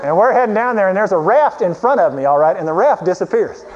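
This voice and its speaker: High-voiced man preaching in lo-fi sound. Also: fast, a faint crowd. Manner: lively storyteller, chuckling through his anecdote. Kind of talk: sermon storytelling. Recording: dull lo-fi recording with faint hiss.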